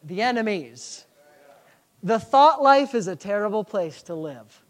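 Male pastor, high-pitched voice; fervent sermon delivery with rhetorical questions. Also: lively intonation, measured pace. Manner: fervent preaching, rhetorical questions, swings from hushed to shouting.

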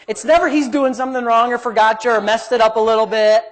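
A man preaching a sermon and telling his own story. He swings between loud, emphatic preaching and low, muttered asides, and he acts out the quoted voices. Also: flat delivery, fast. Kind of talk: sermon with personal testimony.

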